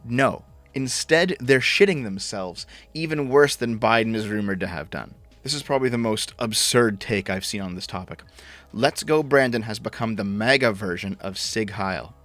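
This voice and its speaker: A man's voice: lowish voice, normal speed, a bit bright, soft background music. Sarcastic, profane male commentator. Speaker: political commentator. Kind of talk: ranting commentary.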